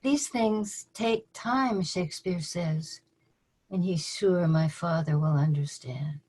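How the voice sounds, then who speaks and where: An older woman reads her poems aloud over a video call, taking her time with every line. Her voice sits a little low, and she drops in dry asides between pieces. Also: dark tone, husky, rough recording. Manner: measured, deliberate reading with dry spoken asides. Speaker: poet. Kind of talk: poetry reading at a virtual open mic.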